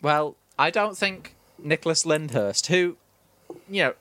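A man's voice: a little high, animated, a little slow, a bit bright. A man co-hosting a comedy podcast, teasing his partner and sounding incredulous in casual banter. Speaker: podcast co-host.

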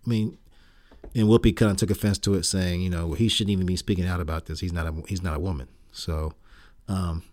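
A man's voice: sits low, steady tone, darkish tone. A man co-hosting a podcast, chatting casually with lots of fillers and restarts, and joking around with his co-host. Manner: halting, many fillers and restarts; teasing, jokey banter. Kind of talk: casual chat.

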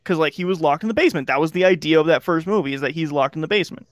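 A man's voice: a little high, racing, no echo, clean studio sound. A young man co-hosting a podcast, chatting casually and sarcastically, acting out movie lines as he goes. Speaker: podcast co-host. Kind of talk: casual chat.

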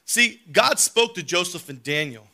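A man preaching a sermon, telling a family story, then reading scripture aloud with big swings from soft to loud. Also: high-pitched, animated, unhurried, creaky.

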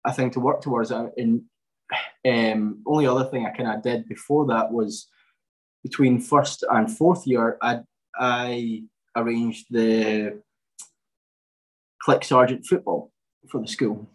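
A man's voice: medium pitch, steady tone, unhurried, pauses often, low-quality recording. A young man in his twenties, a podcast guest chatting casually, with many fillers and restarts. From Scotland. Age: 20s. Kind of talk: casual chat.

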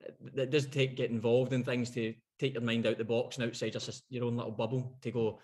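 A man co-hosting a podcast in casual chat, rambling quickly, laughing often and swearing casually. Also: mid-range voice, little pitch movement, darkish tone. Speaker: podcast co-host.

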